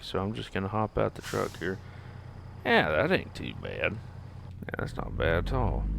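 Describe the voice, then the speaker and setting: Male streamer, deep fry-heavy voice, laid-back self-talk over truck engine noise. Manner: laid-back, talks to himself and the traffic. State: sleepy, yawning. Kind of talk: casual gameplay commentary.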